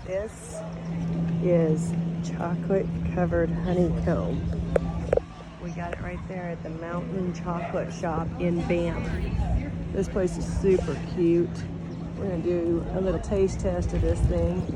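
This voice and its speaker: A woman's voice: on the low side, flat delivery, unhurried. A woman casually chatting to viewers during a travel vlog, filmed in a car and around town. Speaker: travel vlogger. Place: inside a car and outdoors in town. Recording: loud car and road noise.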